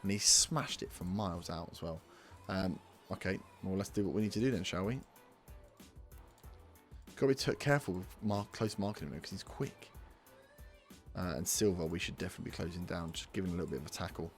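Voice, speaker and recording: A man's voice: sits low, brisk, soft background music. A young man commentating his football management game, scolding his players and swearing in frustration. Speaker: let's play host. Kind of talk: gaming commentary.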